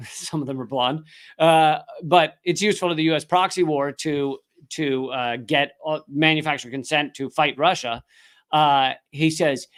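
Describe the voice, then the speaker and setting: A man's voice: on the high side, normal speed, fairly bright tone. A man hosting a live political comedy show, ranting sarcastically and mocking officials in put-on voices. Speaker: comedian host.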